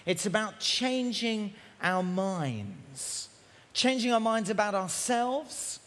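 Guy preaching outside at a camp, high voice, shouting loud, long reverb tail. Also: big pitch swings, slow. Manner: shouting loudly to carry in the rain. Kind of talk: outdoor sermon. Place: outdoors, at a camp in the rain.

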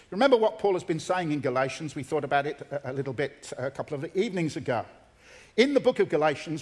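High-voiced man preaching earnestly. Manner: earnest, emphatic, repeats key phrases. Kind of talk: sermon.

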